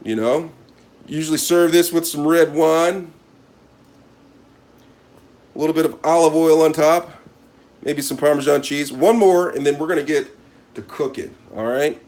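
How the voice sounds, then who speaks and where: Man, cooking host, fairly high voice, mock-serious running commentary while he works. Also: a little slow, long pauses, a little mellow. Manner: mock-serious, repeats a catchphrase, talks to viewers as he works. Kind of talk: casual cooking demonstration to camera.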